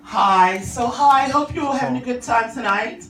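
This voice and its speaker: A woman's voice: on the high side, moderate pace, creaky, fairly bright tone. A middle-aged woman with a London accent doing a stand-up set at an open mic, with a dry, self-mocking delivery. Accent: London English. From England. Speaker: stand-up comedian. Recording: echoey room from far off, faint hum.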